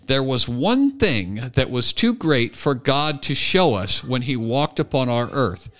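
Bright, lively male podcast host. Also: medium pitch. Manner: jokey, laughs often, reads aloud deliberately. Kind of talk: casual podcast chat and quote reading. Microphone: podcast microphone.

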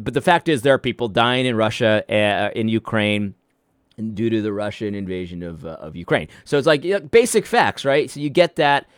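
A man's voice: fairly low pitch, no room sound, clean studio sound. A man giving a casual opinion monologue to his viewers, emphatic and explaining, often restarting and stuttering over his words. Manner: frequent restarts and stuttered repeats. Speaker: commentator.

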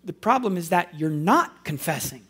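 A man's voice: high voice, animated, normal speed, a bit bright, husky. A man preaching as a pastor, earnest and conversational, with wry self-deprecating asides. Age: adult with school-age children. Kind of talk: sermon.

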